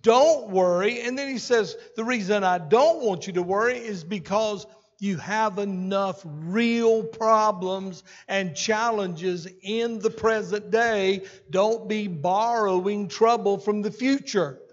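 Speaking slowly in a fairly high voice, a man serving as senior pastor delivers a folksy, chatty sermon in a church sanctuary, pausing for asides to the congregation. The sermon recording sounds dull, with a long hall reverb.

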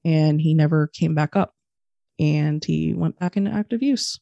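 A woman's voice: low voice, steady tone, moderate pace, darkish tone, dry recording, clean studio sound. A woman in her thirties, a podcast guest talking casually and bluntly, swearing often. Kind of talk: casual interview talk.

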